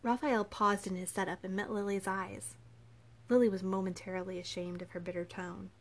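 Measured woman narrating an audiobook. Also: mid-range voice, flat delivery. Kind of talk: scripted narration.

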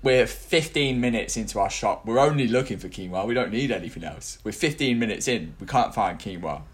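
A man's voice: fairly low pitch, lively intonation, a little fast. A man co-hosting a casual podcast, rambling through hypothetical scenarios with lots of fillers and restarts. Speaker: podcast co-host.

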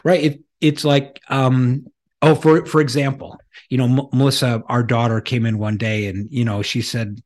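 A man's voice: medium pitch, flat delivery, moderate pace. A middle-aged man co-hosting a podcast, talking casually and illustrating points with anecdotes, often restarting his sentences. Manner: storytelling with anecdotes, frequent restarts. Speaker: podcast co-host.

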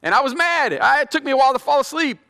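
A man's voice: extremely high pitch, animated, very fast, gravelly, sharp tone. A middle-aged male pastor giving a sermon, chatty and self-deprecating, building into fervent prayer. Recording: long hall reverb.

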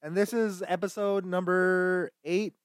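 A young man hosting a casual stream, talking loudly, swearing constantly and laughing often. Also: high voice, flat delivery, a little slow, smooth, dry recording, clean studio sound. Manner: loud, swearing, laughing often, mocking voices. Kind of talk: profane casual chat.

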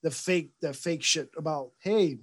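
A man's voice: on the high side, moderate pace. A man co-hosting a podcast in casual chat, steering the talk and asking the others in turn. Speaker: podcast co-host.

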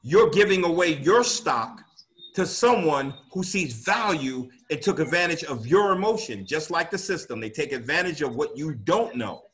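A man's voice: fairly high pitch, lively intonation, moderate pace, a bit bright. A man giving an interactive money lesson, quizzing his audience and pushing points home with an emphatic "right?". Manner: quizzes the audience, call-and-response; emphatic, repeats "right?" as a tag. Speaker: financial educator. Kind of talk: interactive teaching talk.

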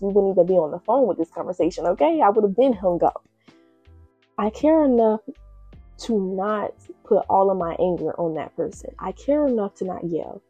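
A young woman talks earnestly through a faith-based solo podcast, leaning on repetition to drive her points home. Her voice is mellow and a little husky, and the recording sounds dull and lo-fi. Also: medium pitch, no room sound. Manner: earnest, conversational, repeats phrases for emphasis. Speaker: podcast host.

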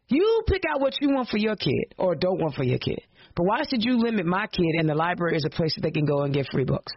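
A woman hosting a political talk show, speaking with fiery, rhetorical passion and slipping into casual slang. Her voice sits at a middle pitch and is recorded dry, with no room echo. The sound is dull and lo-fi. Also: husky. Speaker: podcast host. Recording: dull lo-fi dry podcast audio.

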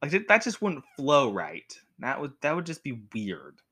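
A young man reviewing a show at home in a rambling, animated way, with frequent restarts. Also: medium pitch, moderate pace, slightly rough. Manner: rambling, animated, with many restarts and acted quotes. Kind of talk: casual talk to camera. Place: home with a cat.

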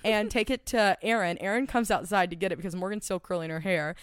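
A young woman co-hosting a podcast, chatting casually in a blunt, sweary way with quick asides. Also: medium pitch, clear, resonant tone, dry recording, clean studio sound. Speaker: podcast co-host. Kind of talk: casual chat.

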